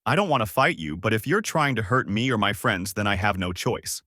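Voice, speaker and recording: A man's voice: on the low side, expressive, a little fast, sharp tone, dry recording, studio quality. A male narrator voicing a naive, brave boy martial artist, earnest and simple.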